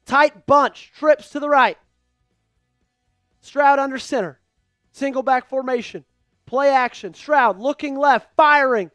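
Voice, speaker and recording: A man calling a game live for an online fan stream, hyped and pleading with his viewers, rising to shouts at big plays. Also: extremely high pitch, slow pace, pauses often, no room sound, soft background music. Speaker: fan livestream play-by-play host. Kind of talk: excitable live play-by-play commentary.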